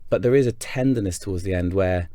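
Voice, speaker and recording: Warm in tone and deep, this man's voice moves fast, recorded at studio quality with no room sound. He's an actor from North Yorkshire, England, thinking aloud in a relaxed interview, rambling and restarting sentences often.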